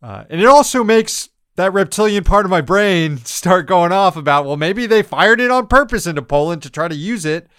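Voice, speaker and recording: A man's voice: sits high, expressive, normal speed, few pauses, fairly bright tone, clean tone, dry recording, studio quality. A man hosting a podcast, giving blunt, sarcastic commentary on the news with frequent laughs and swearing. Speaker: podcast host.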